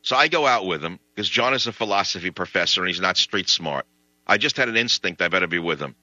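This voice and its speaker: A man hosting talk radio, telling a story in animated comic outrage. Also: low-pitched, fast talker, no room sound, dull audio.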